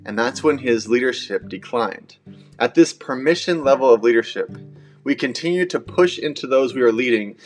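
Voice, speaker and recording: Pastor guy talking leadership on his podcast, chatty and self-deprecating, middle-pitched voice, soft guitar behind. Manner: conversational, self-deprecating, storytelling asides.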